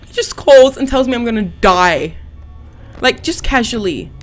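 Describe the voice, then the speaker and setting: A woman's voice: on the high side, expressive, normal speed, soft background music. A young woman hosting a horror game let's-play, panicky and gasping, swearing under her breath. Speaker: gaming channel host.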